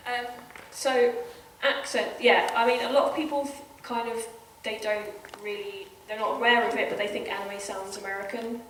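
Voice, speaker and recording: A British woman hosting a convention panel, chatting in a quick, easy way. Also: a little high, steady tone, a bit bright. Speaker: panel host. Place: convention hall. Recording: echoey hall from far off, faint noise.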